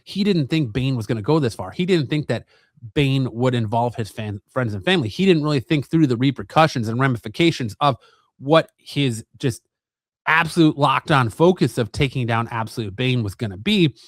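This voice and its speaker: A man hosting a comic review channel, retelling a comic's plot in a relaxed, rambling way with lots of fillers. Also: mid-range voice, moderate pace, no echo, studio quality. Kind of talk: casual comic book recap.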